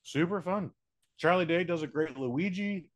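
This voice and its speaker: An American man co-hosting a podcast, reviewing a movie in casual, profane chat with quick silly voices. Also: on the high side. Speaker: podcast co-host.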